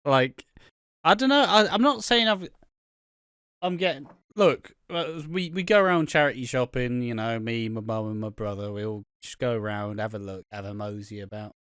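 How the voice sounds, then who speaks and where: A man's voice: mid-range voice, moderate pace, clean tone, dry recording, studio quality. A young British man co-hosting a podcast, chatting casually and swearing a lot as he rambles. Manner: rambling, heavy swearing, animated. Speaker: podcast co-host.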